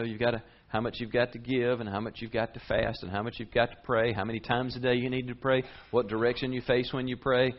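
A man preaching a sermon as a pastor, conversational and lively, with big rises and drops in his voice. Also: highs cut off. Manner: lively, conversational preaching with sharp swings in pitch and volume.

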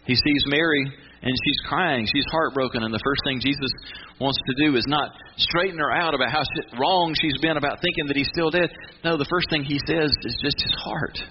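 A man preaching a sermon in an emphatic voice, breaking off and restarting as he drives his points home. The recording is a bit dull and muffled, with noise hissing clearly behind him. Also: fairly high pitch. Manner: emphatic, with many restarts and dramatic pauses. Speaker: pastor. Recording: muffled with noticeable background noise.

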